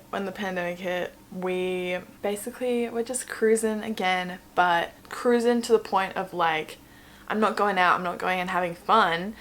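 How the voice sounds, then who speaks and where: A woman's voice: on the low side, a bit bright. Chatty young Australian woman. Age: young adult. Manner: chatty, swears, lots of "like". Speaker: vlogger. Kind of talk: casual storytelling.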